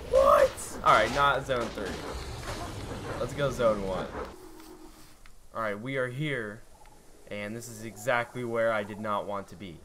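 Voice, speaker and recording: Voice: medium pitch, unhurried, pauses often, background noise. A let's play gamer giving live gameplay commentary, panicky and shrieking, swearing constantly.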